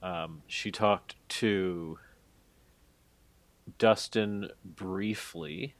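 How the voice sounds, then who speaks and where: Speaking extremely slowly in a low-pitched voice, a podcast co-host recaps a story during casual chat. The audio carries no room sound, and his telling is rambling, hedging and full of fillers.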